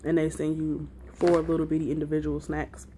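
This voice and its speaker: A woman vlogger chatting casually through a snack taste test, talking excitedly and calling her viewers y'all. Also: low-pitched, brisk, slight background noise.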